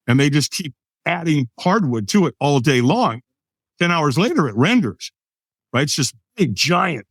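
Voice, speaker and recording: A man's voice: a little high, a bit bright, no echo. A man in his sixties, a podcast guest from the United States, telling a personal story with vivid energy and acting out the other people in it. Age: 60s. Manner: vivid storyteller who acts out quoted voices.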